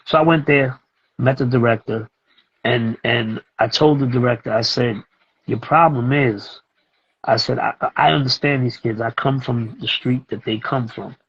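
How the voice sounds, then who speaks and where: A middle-aged man, a music producer and teacher talking as a guest in a casual interview, telling animated stories and acting out what others said. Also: medium pitch, moderate pace, slightly rough, dull audio. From Brooklyn, New York. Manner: animated, acts out other people's lines as he tells a story.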